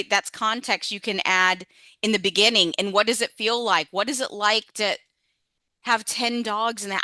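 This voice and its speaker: A woman's voice: medium pitch, bright, forceful tone, clear, resonant tone, dry recording. A woman leading a storytelling workshop on a video call, chatty and encouraging, with many restarts.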